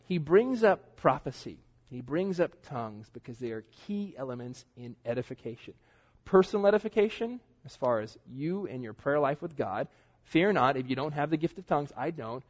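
A middle-aged male pastor gives an earnest, chatty sermon in a church, his slightly high voice carrying a husky edge. The recording is dull and lo-fi. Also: lively intonation, fairly quick. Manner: conversational, earnest preaching with asides.

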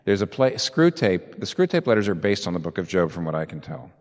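A man preaching a sermon as pastor, swinging from soft asides to loud, emphatic peaks. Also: sits low, very animated, a little fast, in a large hall.

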